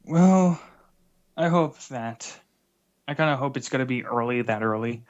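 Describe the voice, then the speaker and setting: A man's voice: medium pitch, measured pace. Guy ranting and mocking ppl, swears a lot, kinda dull lo-fi call sound. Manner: profane, mocking, mimics people in whiny voices. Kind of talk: casual crude drama chat. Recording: slightly dull lo-fi call audio.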